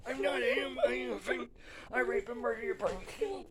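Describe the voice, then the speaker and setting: Man, very high voice, solo monologue, fragmented, self-interrupting, shifts between shouting and quiet. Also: expressive, normal speed, vocal fry, crowd noise. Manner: fragmented, keeps cutting himself off with short interjections.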